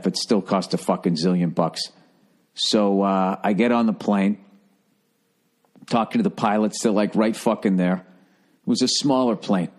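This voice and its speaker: A man hosting a comedy podcast, telling a rambling, profane story in a casual monologue. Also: mid-range voice. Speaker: podcast host.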